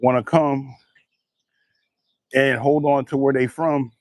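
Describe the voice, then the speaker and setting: A man telling a story in a profane, animated casual rant. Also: medium pitch, slow, dry recording. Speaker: vlogger.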